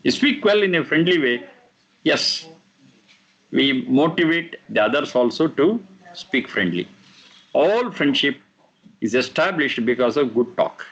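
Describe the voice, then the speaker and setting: A man teaching a class on scripture, explaining verses slowly and repeating the recited lines. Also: mid-range voice, expressive, a bit bright, husky, lo-fi sound. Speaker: teacher of Vedic texts.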